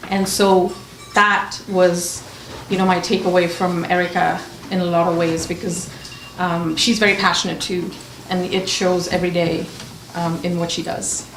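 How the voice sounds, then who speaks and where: An expressive woman on a conference panel, recounting stories and acting out the voices of her friends. Her voice reaches a distant mic and rings around a reverberant room, with steady background noise underneath. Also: lowish voice, moderate pace, few pauses. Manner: animated storytelling, acting out quoted friends. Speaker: author on a panel. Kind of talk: panel discussion.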